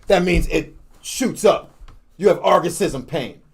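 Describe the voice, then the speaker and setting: Gravelly, cocky male sports-show character who brags and invents words, played by a man. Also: on the high side, animated, unhurried, full character voice. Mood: boastful. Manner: brash, bragging, mangles made-up words. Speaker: show regular. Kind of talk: comedic podcast character bit.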